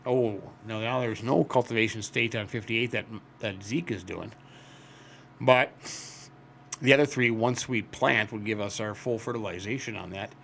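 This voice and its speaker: A man's voice: on the low side, moderate pace, creaky, a bit bright, a little hiss or hum. A man chatting casually in a folksy, rambling way while he narrates his farming game. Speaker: host. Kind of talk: casual gameplay commentary.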